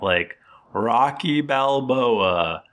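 A man's voice: medium pitch, animated, extremely slow, a bit bright. A man running a tabletop game as game master, narrating the action in a playful, teasing way.

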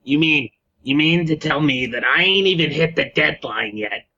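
A man voicing a cocky, sarcastic low-level male crook who talks in mouthy street slang, on a dull lo-fi recording. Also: normal speed, over a noisy crowd, natural voice.

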